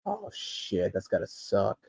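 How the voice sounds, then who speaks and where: A man's voice: low-pitched, very animated, measured pace, creaky, darkish tone, breathy edge. Rambling, profane man ranting casually. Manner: rambling, profane, loose delivery with frequent fillers and laughs. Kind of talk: casual rant. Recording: dull lo-fi recording.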